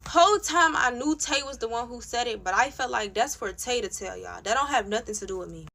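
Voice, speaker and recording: Blunt, heated young woman with a bright voice. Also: on the high side, fairly quick, vocal fry. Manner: blunt, profane, heated retelling with many "like" fillers. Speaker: storytime vlogger. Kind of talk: casual storytime rant.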